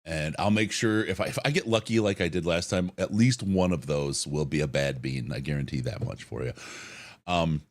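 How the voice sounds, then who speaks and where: A man co-hosting a live-stream podcast, reading out donations and thanking people with halting restarts and chuckles. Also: very deep voice. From Detroit area. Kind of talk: casual live-stream chat.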